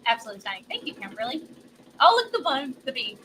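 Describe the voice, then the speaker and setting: A woman's voice: sits high, sing-song, brisk, bright, forceful tone, slight background noise. A woman hosting a live craft demo, chatty and bubbly, laughing often as she reads viewer comments.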